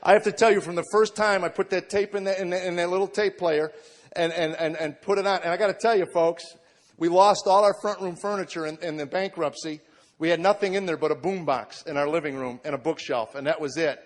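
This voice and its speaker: A middle-aged man, a comedian by trade, gives a storytelling testimony to a live audience. His voice sits a little high and often stumbles over repeated words. It stays mostly low and subdued, then rises to shouts, and it rings with the long reverb of a large hall. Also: fairly even intonation, a little fast. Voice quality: repeats words when he starts sentences.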